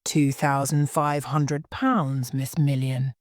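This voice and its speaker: A woman voicing a kindly old gentleman lawyer who explains matters slowly, in a polished and formal way. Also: very deep voice, steady tone, dry recording, clean studio sound, voice pushed down. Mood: patient. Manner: careful, polished, slow explaining.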